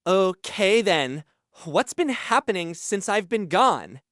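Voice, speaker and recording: A man's voice: high-pitched, big pitch swings, slow, a bit bright, dry recording, studio quality, full character voice. A man voicing a friendly, confident young village lord who gives orders cheerfully in an audiobook. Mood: joking.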